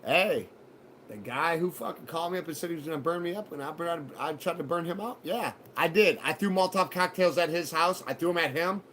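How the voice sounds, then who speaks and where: A man hosting a live show, telling a personal story in a profane, animated way and acting out what others said. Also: fairly high pitch, brisk, slight background noise. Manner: profane, animated retelling with acted quotes. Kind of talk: casual storytelling.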